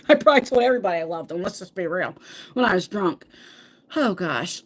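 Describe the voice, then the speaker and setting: A woman's voice: on the low side, lively intonation, a little fast, slightly rough. A middle-aged woman hosting a casual livestream chat, reading viewer comments, laughing often and stumbling over words.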